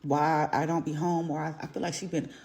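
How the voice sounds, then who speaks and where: A woman's voice: low voice, flat delivery, a little fast, creaky, a little mellow, slight background noise. A mother telling a casual storytime, blunt and profane, rambling as she vents about her complaints.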